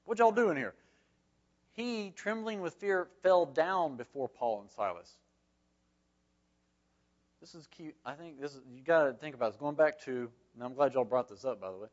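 A man's voice: mid-range voice, expressive, normal speed, lo-fi sound. A man leading a Bible study class, reading scripture aloud and explaining it in a folksy, conversational way with frequent asides.

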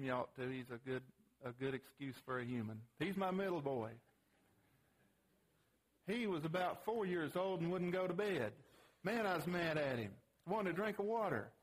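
A man's voice: on the high side, husky. A middle-aged man teaching a parenting class, plain-spoken and folksy, telling a family story with casual grammar and frequent restarts. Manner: halting restarts when animated. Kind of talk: folksy teaching talk with audience questions.

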